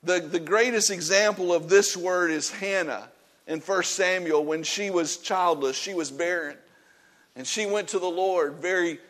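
A pastor preaching a sermon in a conversational way, with self-deprecating asides, swinging between loud emphasis and soft, low passages. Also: male voice.

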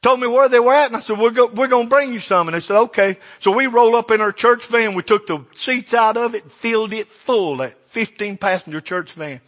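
Older pastor, high voice, folksy sermon storyteller who acts out his dialogue. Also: brisk, hardly any pauses, a bit bright.

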